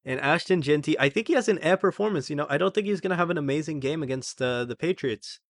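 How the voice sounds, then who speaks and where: A man's voice: a little high, fast talker, no room sound, clean studio sound. A young man hosting his own sports video, talking casually and rambling through game predictions. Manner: chatty, rambling, self-correcting.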